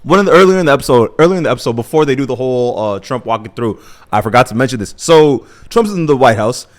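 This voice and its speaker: A man's voice: mid-range voice, animated, quick pace. A young man giving a casual episode recap, rambling, self-correcting and slangy. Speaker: commentary vlogger.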